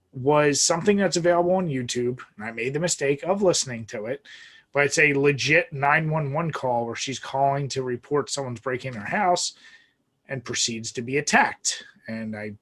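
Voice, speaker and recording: A man hosting a podcast in casual chat, laid-back, swearing freely and laughing often. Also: mid-range voice. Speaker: podcast host.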